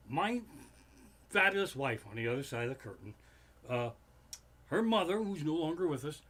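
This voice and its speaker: Swearing comedian ranting on a livestream. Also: male voice, fairly high pitch. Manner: swears constantly, rants with sudden loud outbursts. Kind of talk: rambling profane comic monologue. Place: living room at home. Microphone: home streaming setup.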